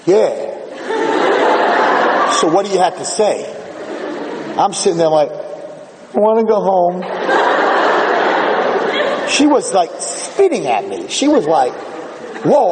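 A man's voice: high voice, slight background noise. A man, a rabbi, telling a story during a sermon in a synagogue and acting out the dialogue. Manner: animated storyteller who acts out dialogue. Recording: echoey hall with faint ambience.

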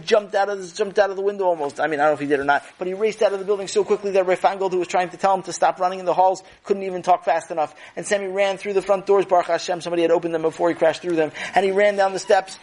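A man narrating a children's story in an animated way, acting out the characters. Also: high voice. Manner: animated, with voices.

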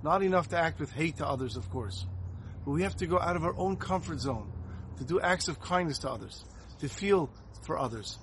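Man, rabbi-style sermon, slightly high voice, faint background hiss. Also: lively intonation, a little fast, fairly bright tone. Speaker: rabbi giving a Torah talk. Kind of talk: sermon with storytelling.

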